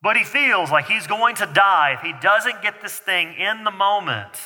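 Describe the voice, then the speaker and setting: A man's voice: high-pitched, expressive, normal speed, pushed and bright. A man preaching a sermon as a pastor, talking to the congregation in a loose, conversational way and joking with the kids in the room. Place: church sanctuary. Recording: hall reverb.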